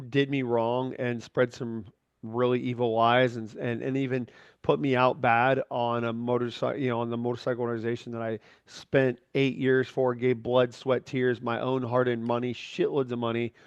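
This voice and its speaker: A man's voice: medium pitch, level tone, moderate pace, clean tone, dry recording, lo-fi sound. A man hosting a podcast in casual chat, talking in a candid, rambling way with frequent restarts and free swearing. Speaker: podcast host.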